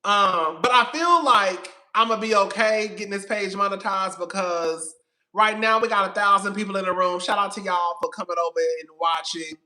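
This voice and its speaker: Very high-pitched sassy man. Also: moderate pace, pushed and bright. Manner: sassy and profane, talks straight to viewers as girl and y'all; long-winded and repetitive. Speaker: host of a reality TV commentary channel. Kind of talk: casual live-stream chat.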